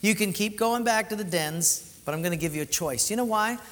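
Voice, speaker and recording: Animated preacher man in a reverberant hall. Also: high-pitched, brisk. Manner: animated storytelling, swinging between loud and hushed. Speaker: pastor. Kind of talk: sermon.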